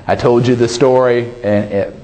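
A man's voice: medium pitch, moderate pace. A man preaching a sermon, emphatic, often calling out for an amen. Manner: emphatic, calls for amens, animated delivery. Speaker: pastor.

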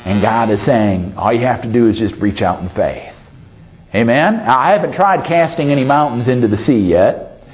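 A man's voice: mid-range voice, moderate pace, faint music behind. A man preaching a sermon, emphatic, often calling out for an amen. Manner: emphatic, calls for amens, animated delivery. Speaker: pastor.

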